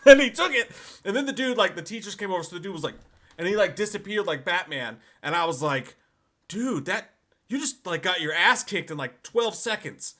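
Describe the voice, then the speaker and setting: A man co-hosting a casual live stream, telling profane, animated stories and acting out the people in them. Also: high voice, a little fast. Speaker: podcast co-host.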